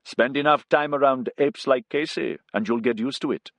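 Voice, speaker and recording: A man doing a gentle, joking Afghan co-pilot. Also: mid-range voice, moderate pace, dry recording, pitched above the performer's own voice, natural voice. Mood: amused. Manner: gentle, grinning, easygoing. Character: friendly good-humoured Afghan male co-pilot.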